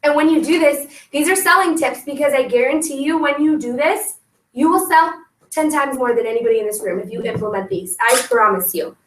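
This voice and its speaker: Woman, young, high-pitched, motivational sales talk, distant mic, roomy echo. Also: a little fast. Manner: energetic, coaching, acts out scripts. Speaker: sales team leader. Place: meeting room with a group. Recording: echoey room, voice from off-mic.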